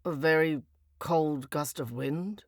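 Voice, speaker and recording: Woman doing a low gruff agent guy, blunt and offhand, dry close sound. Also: a little slow, no echo. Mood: sheepish. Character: gruff sardonic male agent Jack.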